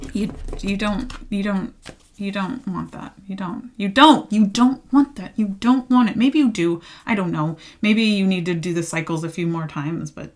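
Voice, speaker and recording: Chatty emphatic woman reading tarot. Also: mid-range voice. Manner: chatty and emphatic, repeats phrases, laughs often. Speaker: tarot card reader. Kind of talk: casual tarot reading for viewers.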